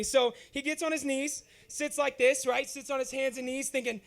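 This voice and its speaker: A man's voice: very high voice, flat delivery, normal speed, gravelly, few pauses. A man doing open mic stand-up, telling a rambling, profane story and often asking "you know what I'm saying". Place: comedy club stage.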